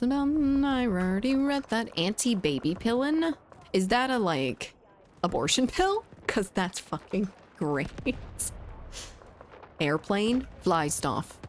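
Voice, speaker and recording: A woman's voice: lowish voice, slight background noise. A woman from the southern United States with a mild Southern accent, chatting casually with her chat while streaming a game and often laughing.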